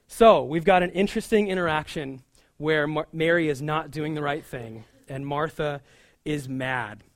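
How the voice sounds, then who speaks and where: A man, a pastor, giving a conversational sermon, animated and chatty with frequent asides. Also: fairly high pitch, moderate pace, dry recording, clean studio sound.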